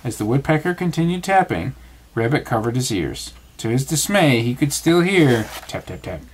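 A man reads a bedtime storybook aloud to his child in an expressive storytelling voice. His pitch moves in lively swings, rising and falling through each sentence. The reading is warm-paced and animated. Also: moderate pace, slight background noise.

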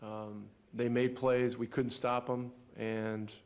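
Gravelly, beaten basketball coach. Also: male voice, medium pitch, level tone. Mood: resigned. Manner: subdued, halting with fillers. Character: defeated male basketball coach in post-game interview. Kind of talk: video game sports voice acting. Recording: dull lo-fi game audio.

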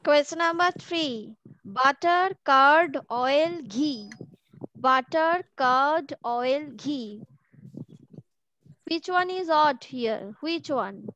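A woman's voice: sits high, lively intonation, very slow, a bit bright, highs cut off, slight background noise. A woman teaching an online class, patiently repeating each question and word for her pupils. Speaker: school teacher. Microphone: video call from home.

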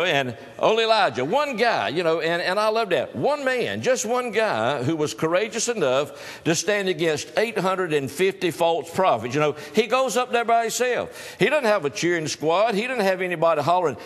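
A man's voice: sits high, sing-song, normal speed, a bit bright, long reverb tail. A male pastor preaching a sermon in a folksy storytelling manner, with teasing humor.

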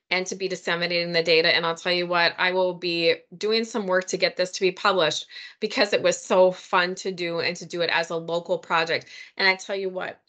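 Bright-voiced lady doing a health webinar at her computer, chatty and excited. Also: on the low side. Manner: enthusiastic, chatty, with folksy asides. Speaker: health presenter. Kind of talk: webinar presentation.

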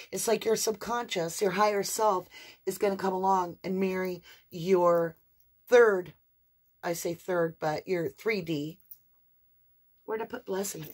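A woman doing an animated, affectionate tarot reading for her viewers, with sing-song emphasis and a chatty, conversational flow. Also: mid-range voice. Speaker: tarot reader. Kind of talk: spiritual tarot reading to camera.

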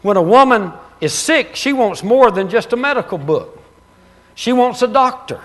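A man preaching a sermon as pastor, telling stories with laughter and loud exclamations. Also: extremely high pitch, animated, normal speed. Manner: storytelling, laughs at his own stories, rises to loud exclamations.

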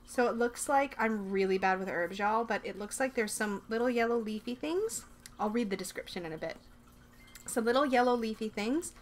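A woman casually chatting to camera while unboxing, excitable and gushing, talking to herself as she goes, in her bedroom. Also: on the high side, moderate pace, a little hiss or hum. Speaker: vlogger unboxing a subscription box.

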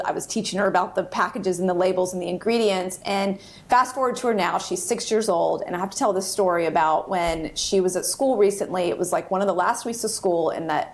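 A woman in her forties, a guest on an interview podcast, telling an anecdote with lively energy and acting out the voices of the people in it. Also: medium pitch. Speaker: guest, food activist.

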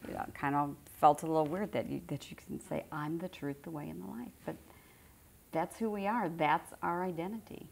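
A woman's voice: lowish voice, normal speed, creaky. A middle-aged woman giving an informal spiritual teaching to a group, conversational and repeating phrases for emphasis.

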